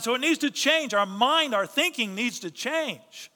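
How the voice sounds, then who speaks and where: A man's voice: very high-pitched, a little slow, few pauses, bright, forceful tone, big-room sound. A man preaching a sermon as pastor, pressing his points with rhetorical questions and repeated phrases.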